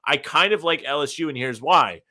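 A man's voice: on the high side, a little fast, sharp tone. A man co-hosting a casual sports podcast, telling rambling stories with mock indignation. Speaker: podcast co-host.

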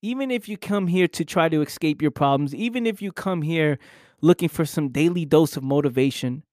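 Talking fairly quickly in a fairly high voice with a darkish tone, a man hosts a podcast and gives an emphatic, earnest motivational monologue. Key phrases come back again and again, and casual swearing slips in. The audio is studio quality, with no echo.

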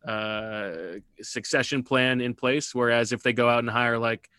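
Male podcast host, mid-pitched, dry close mic, casual talk that steers the segments. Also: little pitch movement, measured pace, bright, forceful tone, clean tone, no room sound. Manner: conversational, leads segments, plugs the site. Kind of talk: casual sports podcast chat.

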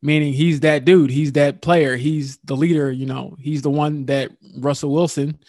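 A man recounting locker-room interviews as a sports reporter, in casual podcast talk with an animated storytelling manner. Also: fairly high pitch, normal speed, no echo, studio quality.

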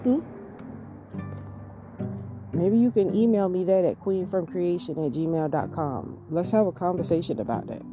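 A woman's voice: on the low side, moderate pace, long pauses, music in the background. A woman with a Southern US accent, hosting a podcast and talking straight to her listeners in a folksy, repetitive way. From southern United States. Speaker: podcast host. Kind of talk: casual monologue.

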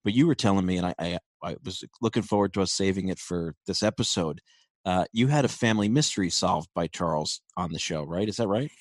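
A man's voice: deep voice, brisk, no room sound. A man with a Brooklyn accent hosting a radio show, chatty and laughing easily. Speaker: host. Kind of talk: casual radio talk.

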